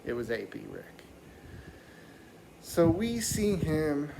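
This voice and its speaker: A man doing stand-up comedy, telling a rambling, animated story and slipping into mock voices. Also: a little high, slow, noisy background.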